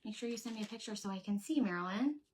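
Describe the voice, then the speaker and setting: A woman with a voice of ordinary middle pitch, hosting a relaxed crafting livestream. She talks casually and keeps up a running chat as she works. She answers her viewers along the way. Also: very fast, noisy background. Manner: chatty, thinks aloud while working, answers viewers. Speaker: craft channel host.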